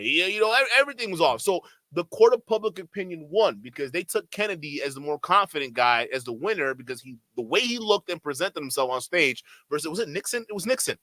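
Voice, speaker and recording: A man's voice: fairly high pitch, very animated, sharp tone, dry recording. A man commentating on a debate clip during a live stream, heated and profane, mocking the people in it. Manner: heated, profane, rapid-fire, with mocking quoted voices.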